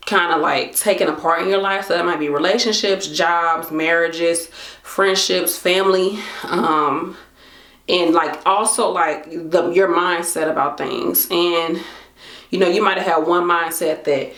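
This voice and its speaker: A woman's voice: on the low side, fairly bright tone, reverberant. A woman in her late twenties talking casually to camera, chatty and slangy, acting out her own thoughts. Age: late 20s. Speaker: vlogger.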